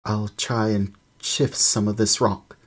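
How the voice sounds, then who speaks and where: A man voicing an anxious, loyal teenage boy wizard in a storybook reading, talking loud and urgent. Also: on the low side, flat delivery, slow, pitched above the performer's own voice.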